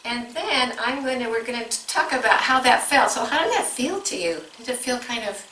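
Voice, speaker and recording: A woman's voice: on the high side, normal speed, bright, forceful tone, roomy sound, far from the mic, a little hiss or hum, poor audio. A woman coaching teachers through a music lesson, explaining step by step and breaking into short sung examples.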